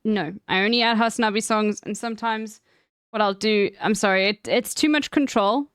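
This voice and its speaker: A woman's voice: medium pitch, moderate pace, clear, resonant tone, dry recording, studio quality. A woman chatting casually on her stream, rambling and emphatic with plenty of swearing.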